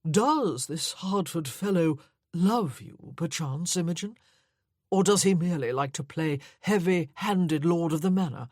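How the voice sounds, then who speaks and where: A woman voicing a languid aristocratic man who speaks in a sighing, deliberately bored way. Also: fairly low pitch, expressive, darkish tone, dry recording, studio quality. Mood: drawling.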